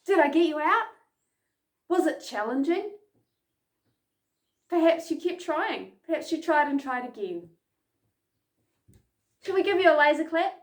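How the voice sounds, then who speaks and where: A woman leading an energetic children's lesson, chanting and calling out game sounds. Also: high voice, a little slow, pauses often. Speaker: children's program instructor. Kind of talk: lively kids' lesson from home. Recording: echoey room.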